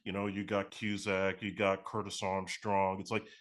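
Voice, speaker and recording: A man's voice: sits low, monotone, normal speed, fairly bright tone. A man interviewing a guest, asking a laid-back, rambling question.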